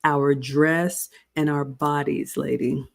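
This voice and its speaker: A woman's voice: low-pitched, level tone, slow, vocal fry, slight background noise. A woman hosting a casual advice chat on etiquette, talking conversationally and addressing her listeners as ladies. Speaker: host.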